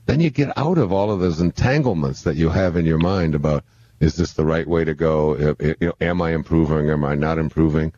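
A man's voice: very deep voice, warm tone, no echo, muffled recording. A man explaining spiritual ideas in a reflective conversational way, stumbling and repeating words as he thinks aloud into a handheld microphone. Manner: halting, many restarts and repeated words. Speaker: guest speaker on spiritual living.

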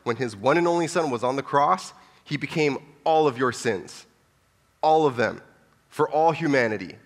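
A man preaching a sermon with passion, pleading and emphatic, dropping to hushed lines between loud ones. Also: medium pitch, expressive, moderate pace. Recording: long hall reverb.

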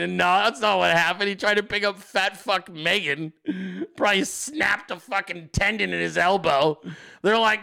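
Loud animated guy host ranting and cracking up, high bright voice, gravelly. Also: moderate pace. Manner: animated, laughing and profane. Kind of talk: profane comedic political commentary.

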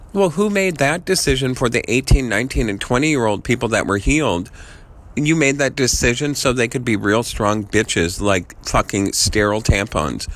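Swearing without letup, a man fires off an angry voice message that hops from idea to idea. It's a profane, rambling rant, and his voice climbs higher and louder several times along the way.

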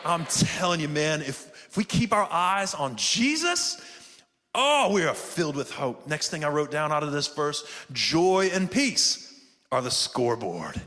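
A man's voice: fairly high pitch, very animated, unhurried, pushed and bright. A man preaching a sermon with fervor, calling out to his congregation and often saying "man". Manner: fervent, calls out to the congregation, often says "man". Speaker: pastor. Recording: reverberant hall sound.

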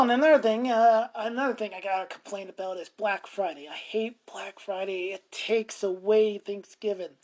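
A middle-aged man hosting a podcast, telling stories in a rambling, profane way and chuckling often. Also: high-pitched. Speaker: podcast host. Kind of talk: casual storytelling monologue.

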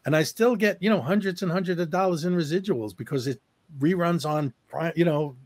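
A man with a slightly high voice, an actor, tells audition stories with eager energy in a podcast chat. He stumbles over himself with repeated starts. The sound is dry and close, with no room around it. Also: a little fast, no room sound. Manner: eager storyteller with frequent repeated restarts.

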